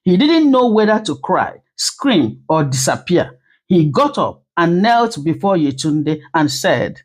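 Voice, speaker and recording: A woman narrating a dramatic story in an expressive storytelling manner. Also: on the low side, a little slow.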